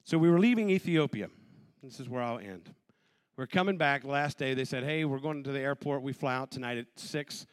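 A man in his forties sharing a personal testimony, an animated storyteller who acts out the voices of the people in his story. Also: medium pitch, a little fast, smooth. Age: 40s.

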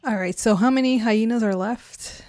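A woman's voice: fairly high pitch, normal speed, darkish tone, dry recording, clean studio sound. A woman player chatting casually at a tabletop game in an easygoing, thinking-aloud manner.

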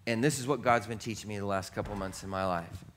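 A man's voice: lowish voice, fast talker, a bit bright, a little hiss or hum. A male pastor preaching a sermon in a conversational, self-deprecating way, using playful repetition and humor. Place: church sanctuary.

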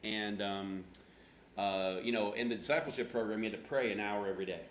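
A pastor with a fairly low voice delivers a brisk, conversational sermon. He tells stories with self-deprecating humor, acting out things he once said. The recording has a roomy echo and a faint background hum.

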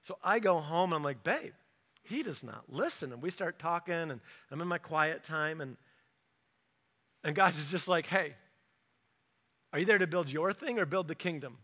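A man pastor telling a personal story in a sermon, animated and acting out the voices of the people he quotes. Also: fairly high pitch, normal speed, pauses often.

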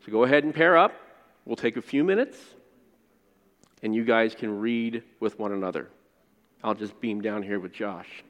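A man preaching a sermon as pastor, reading scripture and praying, rising to loud emphasis and dropping to hushed phrase endings. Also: on the low side, normal speed, pauses often. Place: church sanctuary. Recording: long reverb of a large hall.

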